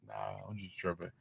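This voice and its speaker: A man hosting an early-morning podcast livestream, talking in a slangy, teasing, animated way with many fillers. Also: fairly low pitch, vocal fry, breathy edge, dry recording. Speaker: podcast host.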